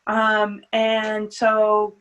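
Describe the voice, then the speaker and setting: A woman's voice: medium pitch, completely flat delivery, drawn-out words, fairly bright tone, muffled recording. A woman speaking as a guest in an interview, earnest and hesitant, with many fillers and restarts. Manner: earnest, faith-centered talk. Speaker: guest, grieving mother. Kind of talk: emotional interview.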